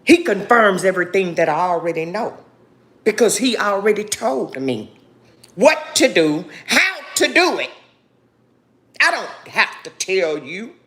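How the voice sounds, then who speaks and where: A woman talks slowly to her viewers in a bright, lively voice whose pitch rises and falls a lot. She sounds grieving and angry, defiant and preachy, and keeps calling her listeners "baby." This is an emotional monologue delivered straight to camera. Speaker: vlogger.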